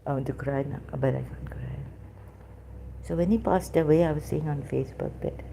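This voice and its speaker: A woman talking alone on a livestream, hesitant and halting, often dropping into whispers. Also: low voice, creaky, dark tone, a little hiss or hum. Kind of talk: rambling solo livestream talk.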